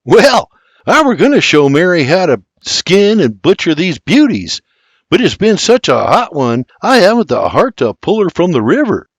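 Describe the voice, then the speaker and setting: A man's voice: sits high, sing-song, normal speed, husky, no room sound, studio quality, pitched above the performer's own voice, full character voice. A man voicing a friendly, sly young Irish immigrant hunter, in an audiobook. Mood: cheerful.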